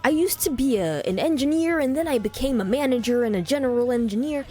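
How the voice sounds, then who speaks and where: A woman voicing an earnest middle-aged male engineer-turned-author who fumbles for his words, slightly higher than her usual talk. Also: big pitch swings, normal speed, faint music behind.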